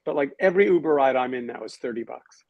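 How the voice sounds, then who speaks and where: Male host, gravelly and wry, loose restarts, dry booth. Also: mid-range voice, lively intonation, quick pace, no echo, highs cut off. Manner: wry, sarcastic, thinks aloud with restarts. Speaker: podcast host. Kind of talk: casual panel discussion.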